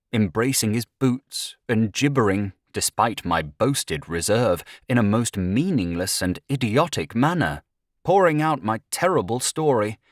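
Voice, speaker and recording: A man's voice: low-pitched, no echo, studio quality. A man reading a horror story aloud as first-person audiobook narration, with dramatic rises at tense moments.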